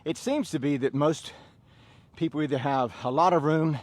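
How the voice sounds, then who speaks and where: A man's voice: on the high side, moderate pace, no echo. Southern man leading a workout. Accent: Southern American. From American South. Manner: barks drill commands between relaxed rambling stories. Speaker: fitness instructor. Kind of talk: workout class with storytelling.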